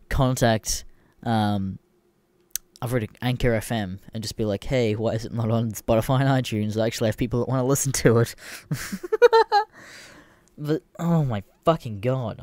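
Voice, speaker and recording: A young man hosting his own podcast in a loose, profane rant. His voice sits in an ordinary middle pitch and sounds dry and close to the mic, with no room around it. He grumbles low, then flares up into exasperated shouts. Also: no echo. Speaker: podcast host. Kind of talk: casual solo rant.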